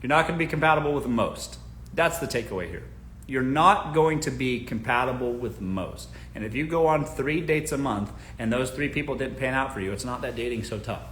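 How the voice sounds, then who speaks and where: Bright-voiced man giving blunt dating advice. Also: medium pitch, animated, fairly quick, reverberant, slight background noise. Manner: blunt, joking, talks straight to listeners. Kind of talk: casual live-stream advice talk.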